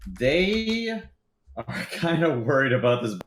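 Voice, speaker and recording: A man's voice: medium pitch, big pitch swings, takes it slowly, slight background noise. A man running a tabletop game as game master, narrating loosely with lots of fillers and laughs.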